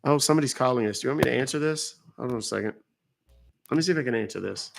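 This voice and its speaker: A man's voice: medium pitch, rapid-fire, creaky. A man from North Texas, hosting a casual livestream, chatting with viewers and playing dumb with a phone caller. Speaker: livestream host baiting phone scammers.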